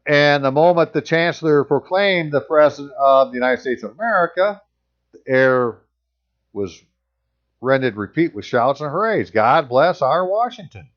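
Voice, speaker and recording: A man's voice: a little high, expressive, moderate pace, muffled recording. A man reading passages aloud and commenting on them in casual, sarcastic asides as a channel host.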